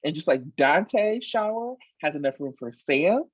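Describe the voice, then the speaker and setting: A husky-voiced woman co-hosts a casual chat with a swinging, animated delivery. She talks emphatically and swears freely, and the sound is dry and slightly muffled. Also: sits low, a little slow, no echo. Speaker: podcast co-host.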